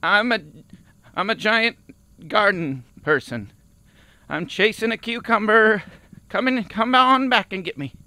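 A man doing a clumsy shouting garden monster actor. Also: high-pitched, unhurried, dry recording, full character voice. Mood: mock menace.

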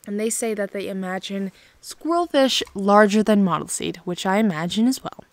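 A woman's voice: mid-range voice, normal speed, no echo. A woman hosting her own channel, chatting casually and gushing sentimentally about fan art, often sighing. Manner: gushing and sentimental, with frequent sighs. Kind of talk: casual chat.

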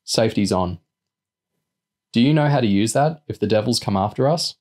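A man's voice: fairly low pitch, lively intonation, normal speed, darkish tone. Storybook teen lad, annoyed and protesting, a man reading him. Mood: irritated. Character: teenage boy, irritable.

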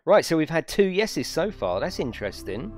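Chatty streamer, lively voice. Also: male voice, a little high, normal speed, faint music behind. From United Kingdom. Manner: chatty, swears freely, laughs often, reads chat aloud. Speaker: gaming streamer. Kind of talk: casual live-stream chat.

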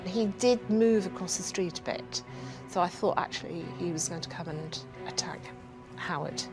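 Woman, soft hesitant speech, documentary witness, music underneath. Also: on the low side, normal speed. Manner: soft, hesitant, stammering at times. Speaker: witness interviewee. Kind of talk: documentary testimony.

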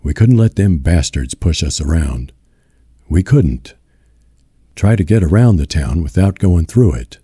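Man doing a tense young farmhand, clipped rural drawl, very deep husky voice, slow. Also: expressive, dark tone, no room sound, clean studio sound, heavily acted. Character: tense young farmhand, angry but restrained.

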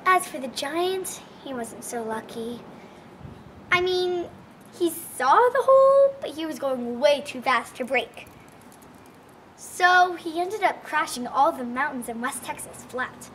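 A lively, folksy woman storyteller with a high, bright voice. She tells a tall tale for children with a lot of expression, over faint room noise. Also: slow pace.

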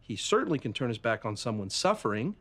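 An actor playing a flamboyant, emotional, big-hearted gay dad in a sitcom, with dramatic delivery. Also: male voice, medium pitch, very animated, quick pace, a bit bright. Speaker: sitcom character. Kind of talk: sitcom acting.

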